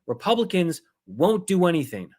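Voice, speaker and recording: A man's voice: sits high, big pitch swings, normal speed, darkish tone. A man hosting a political livestream, ranting heatedly with swearing and sarcastic mimicry. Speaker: political commentary host. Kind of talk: angry livestream rant.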